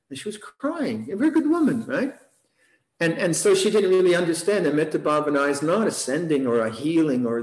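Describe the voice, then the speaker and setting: A man with a slightly high voice gives an unhurried meditation talk, laughing softly and circling back over his words. The sound is roomy and echoey, as if he is speaking in a bare room over an online session. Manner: relaxed, chuckles often, repeats words as he thinks. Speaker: meditation teacher. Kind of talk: dharma talk.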